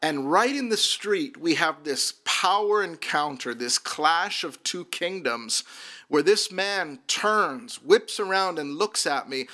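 A man's voice: fairly high pitch, animated, slow, sharp tone. A man who works as a minister, telling his personal testimony earnestly and often repeating words as he restarts a sentence.

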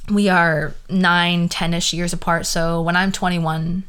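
A woman's voice: lowish voice, level tone, measured pace, fairly bright tone, smooth. A woman in her twenties with a Valley girl accent, hosting a casual solo podcast, rambling and filling her talk with "like". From the San Fernando Valley, California. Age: 20s. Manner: rambling, heavy use of "like", questioning tone. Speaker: podcast host.

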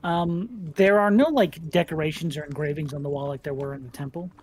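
A man's voice: a little high, a little mellow, a little hiss or hum. Man narrating a tabletop game. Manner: descriptive, unhurried scene-setting. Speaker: game master.

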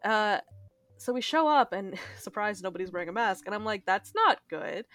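A young woman podcast co-host telling an animated story in casual chat, swearing freely. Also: medium pitch, brisk. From Palestinian Arab family.

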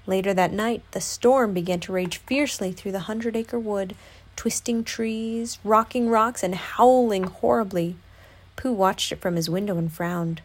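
Female storybook narrator, expressive read-aloud. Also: mid-range voice, a little slow.

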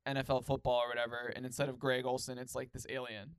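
Young male co-host, casual rambling chat full of fillers; mid pitch, dry booth sound. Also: monotone, fast talker, smooth, dry recording. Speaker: podcast co-host.

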